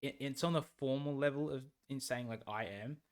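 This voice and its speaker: A man's voice: mid-range voice, normal speed. A man, co-hosting a casual podcast chat and telling stories with laughter and plenty of swearing. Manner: laughing storyteller, swears freely. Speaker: podcast co-host.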